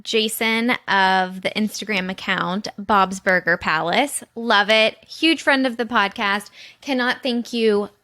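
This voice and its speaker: A woman's voice: mid-range voice, takes it slowly, hardly any pauses, bright, forceful tone. A woman from Texas co-hosting a casual podcast, giggling and teasing her co-host. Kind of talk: casual chat.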